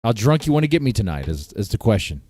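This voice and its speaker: A man's voice: fairly low pitch, sing-song, fast talker, mellow, husky, no room sound, clean studio sound. A man hosting a casual live-stream panel, ranting and repeating himself, breaking into laughter often. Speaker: stream host.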